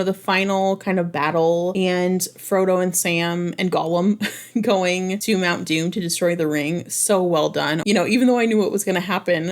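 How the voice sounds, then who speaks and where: A woman vlogging about books in a casual, gushing, enthusiastic way, full of "like" and "oh my gosh". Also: fairly low pitch. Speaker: book vlogger. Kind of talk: casual chat to camera.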